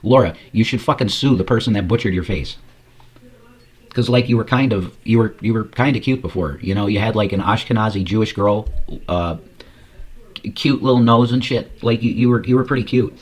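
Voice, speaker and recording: A man's voice: fairly low pitch, fairly quick. A man giving casual, profane commentary on news clips, ranting and rambling. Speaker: commentary streamer.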